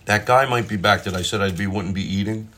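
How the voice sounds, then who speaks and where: A fairly low, forceful, bright voice moves at a quick pace against slight background noise. This middle-aged comic hosts his own show, chatting casually and rambling as he cooks and eats at home, self-interrupting with mild swearing, recorded on a propped-up phone.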